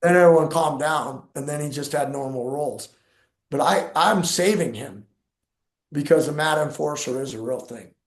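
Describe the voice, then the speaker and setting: A man's voice: a little high, normal speed, roomy sound. A middle-aged man, a jiu-jitsu coach and podcast co-host, telling stories in casual talk and acting out what people said. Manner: animated, acts out dialogue in his stories. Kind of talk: casual storytelling.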